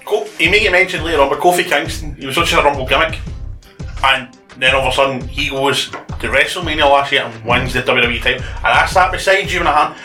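A man's voice: medium pitch, fast, sharp tone, soft background music. A man co-hosting a casual talk podcast, teasing and argumentative. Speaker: podcast co-host. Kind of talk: casual chat. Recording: echoey room.

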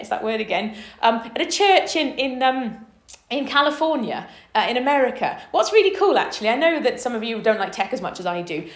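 A woman leading an informal Bible study, talking enthusiastically and climbing in pitch as she gets excited. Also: roomy sound. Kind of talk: informal preaching to a small group.

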